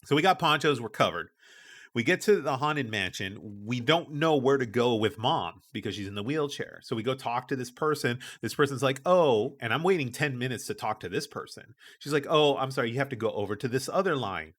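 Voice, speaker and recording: A man's voice: medium pitch, lively intonation, brisk, a bit bright. A middle-aged man co-hosting a podcast, telling a story in casual chat and acting out the people he quotes. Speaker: podcast co-host.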